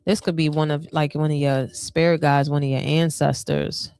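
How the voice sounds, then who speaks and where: Lowish chatty woman reading tarot. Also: moderate pace, clear, resonant tone, no echo. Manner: chatty, hesitant with many fillers, bursts of excitement. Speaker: tarot reader. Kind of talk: casual tarot reading to viewers.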